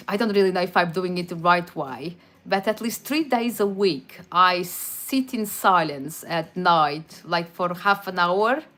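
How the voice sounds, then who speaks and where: Woman, Portuguese accent, casual chat, halting and repeating herself, faint music underneath. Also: medium pitch, a bit bright. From Madeira, Portugal. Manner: chatty, halting with frequent restarts. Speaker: livestream host answering chat.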